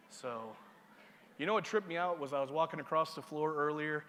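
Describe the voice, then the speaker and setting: Male MC, casual and joking with the audience, slightly high voice, large hall reverb. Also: brisk, fairly bright tone, a little hiss or hum. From Seneca Nation. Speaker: master of ceremonies. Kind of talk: conference opening remarks.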